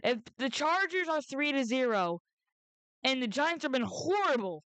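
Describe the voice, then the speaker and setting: Rambling, excitable young-sounding woman vlogger. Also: dry recording. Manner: rambling, halting, frequent restarts and self-corrections; excitable, jumps up in pitch when outraged. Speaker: sports prediction vlogger. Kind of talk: casual rambling commentary.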